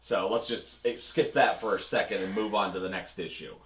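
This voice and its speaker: A man's voice: fairly low pitch, steady tone, fairly bright tone. Wry rambling man in an echoey room. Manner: wry, rambling, quick asides. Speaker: podcast co-host. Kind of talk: casual chat.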